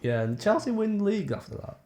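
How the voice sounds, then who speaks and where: A young man, co-hosting a casual football podcast, full of banter and quick asides. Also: sits high, big pitch swings, a little mellow, slight background noise. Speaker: podcast co-host.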